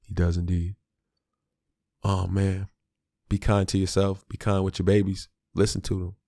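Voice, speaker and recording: A man's voice: sits low, little pitch movement, takes it slowly, long pauses, warm tone, dry recording, clean studio sound. A man hosting his own podcast, a father talking in a reflective, candid and slangy way, often restarting his sentences. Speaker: podcast host; father of a small child. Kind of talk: solo podcast monologue.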